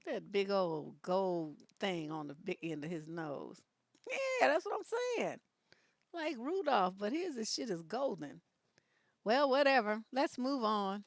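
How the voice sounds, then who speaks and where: A woman's voice: mid-range voice, sing-song, a little slow, no room sound, clean studio sound. A middle-aged woman hosting a live stream, laughing often and reacting with sass to viewer comments and memes.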